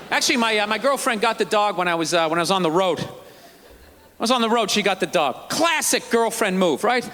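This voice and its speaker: A man performing a stand-up comedy routine, ranting sarcastically and shouting his punchlines. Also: high-pitched, expressive, brisk. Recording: live stage recording with audience and noise.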